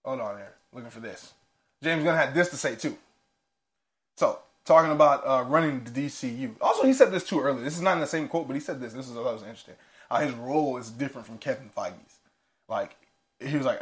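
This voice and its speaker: A man co-hosting a casual pop-culture podcast, animated and swearing freely as he tells stories. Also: medium pitch, brisk. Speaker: podcast co-host. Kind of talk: casual chat.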